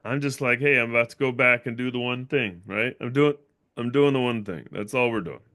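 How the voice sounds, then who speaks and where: A man's voice: medium pitch, fairly quick, a bit bright, no room sound, clean studio sound. A young man hosting his own livestream, telling a long personal story in a rambling, casual way and tagging his sentences with "right?". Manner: rambling, repeats himself, fillers like "right?". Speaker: channel owner and livestream host.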